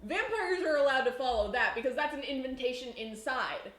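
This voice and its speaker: A woman's voice: high-pitched, animated, a little fast, a bit bright. A woman chatting casually on a live cooking stream in her home kitchen, rambling and laughing often. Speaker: baking streamer. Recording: echoey room.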